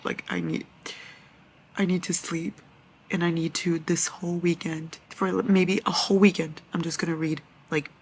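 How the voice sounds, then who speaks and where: A woman vlogging casually about a book series, excitable, swearing and reacting loudly as she reads. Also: lowish voice, normal speed, a little hiss or hum, rough recording. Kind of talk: casual reading vlog.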